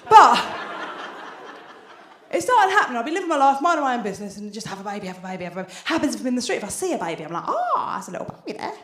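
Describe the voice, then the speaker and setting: A woman's voice: a little high, very animated, very fast, reverberant, a little hiss or hum. A British woman performing a stand-up comedy routine on a theatre stage, chatty and conspiratorial with the crowd. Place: theatre stage before an audience.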